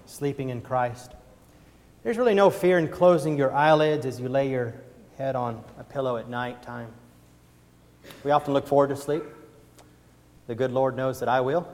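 A man preaching a sermon, moving between soft pleading and loud, emphatic passages as he calls listeners forward. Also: medium pitch. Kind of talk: sermon with invitation. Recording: long reverb of a church hall.

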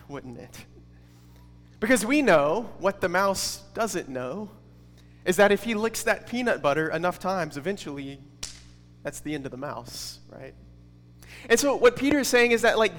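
A man's voice: high voice, a bit bright, big-room sound. A man teaching a Bible study in a conversational way, with casual fillers and rhetorical questions.

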